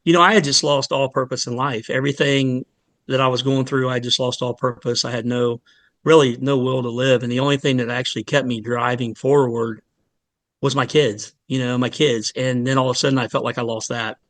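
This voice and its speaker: Fire lieutenant guest, forties, male, mid voice: earnest, halting delivery, recorded dry and close. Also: medium pitch, steady tone, fairly bright tone, no echo. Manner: earnest, halting, with many restarts and fillers. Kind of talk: emotional personal story in a podcast interview.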